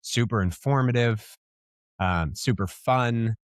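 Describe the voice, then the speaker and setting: A man's voice: medium pitch, takes it slowly, no echo, studio quality. A man co-hosting a podcast, talking casually and laughing easily. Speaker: podcast co-host.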